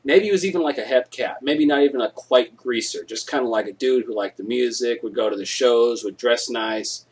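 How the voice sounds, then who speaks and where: Husky-voiced guy rambling thru a sweary story on his live stream. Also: medium pitch, a little fast. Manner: rambling, profane, jokey storytelling.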